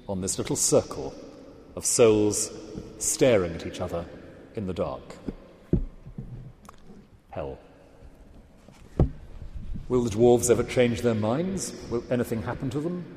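A man giving a literature lecture, speaking deliberately and with emphasis. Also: on the low side, dark tone, roomy sound, in a large hall, a little hiss or hum.

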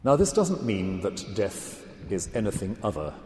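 Deep-voiced man giving a slow thoughtful lecture, big echoey hall, faint ambience. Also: very animated, a little mellow, slight background noise. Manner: measured, reflective, emphatic. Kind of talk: literary lecture with read-aloud passages. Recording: echoey hall with long reverb.

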